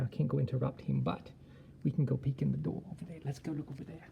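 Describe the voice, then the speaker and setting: A man's voice: medium pitch, fairly even intonation, quick pace, vocal fry, narrow, tinny audio, slight background noise. A male teacher from Texas, putting on an Australian accent, gives a playful walking tour of his school with jokey asides. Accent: put-on Australian accent. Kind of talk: walking video tour narration. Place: empty school hallways and rooms, indoors. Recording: echoey hallways, faint ambience.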